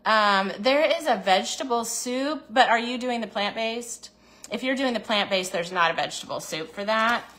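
A woman's voice: a little high, moderate pace, fairly bright tone. A woman hosting a casual livestream, talking encouragingly about food choices and reading viewer comments aloud. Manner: acts out little inner voices in quotes. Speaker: diet program host.

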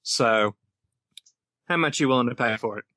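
A man voicing a wary male pony drug dealer in a tabletop game, speaking low and deadpan. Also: no echo, close to an everyday voice. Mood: deadpan threatening. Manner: low, deadpan, slow warnings.

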